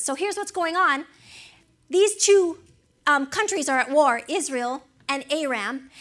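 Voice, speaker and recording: A woman preaching with a high, bright voice. She retells the story in an animated way, acting out the characters' lines and turning to ask her listeners questions. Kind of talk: sermon.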